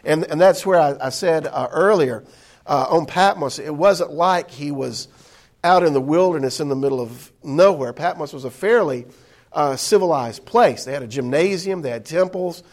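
A man's voice: fairly high pitch, normal speed. Man teaching a casual Bible class. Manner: conversational, with frequent fillers and restarts. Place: indoor meeting room.

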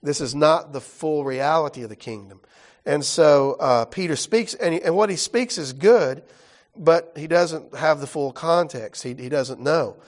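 A man's voice: fairly high pitch, measured pace. A man teaching a Bible study class in a casual, explanatory way, often checking in with his listeners.

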